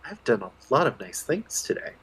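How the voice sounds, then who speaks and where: Man voicing his bard character in a tabletop game, thinks out loud. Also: mid-range voice, big pitch swings, normal speed, low-quality recording. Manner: musing, thinking aloud. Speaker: player.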